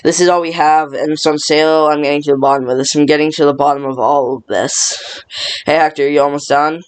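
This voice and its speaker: A man reading a film script aloud by himself, rushing and stumbling through every part. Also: fairly high pitch, fairly even intonation, smooth. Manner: rushed, stumbling reading with little change between parts. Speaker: script reader.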